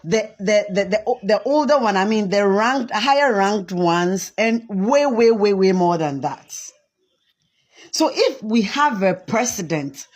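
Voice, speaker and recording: Female commentator, slow deliberate delivery, earnest. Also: medium pitch, animated. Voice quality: earnest, with restarts.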